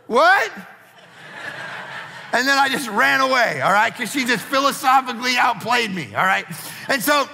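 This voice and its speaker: A man in his forties, a pastor preaching a sermon, who tells a lively family story and acts out the voices in it. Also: extremely high pitch, gravelly, long reverb tail.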